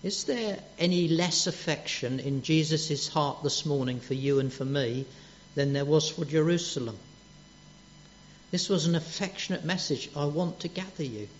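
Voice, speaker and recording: A man preaching a sermon, gentle and earnest, dropping soft on quoted words. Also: fairly high pitch, measured pace, a little hiss or hum. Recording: dull lo-fi church recording.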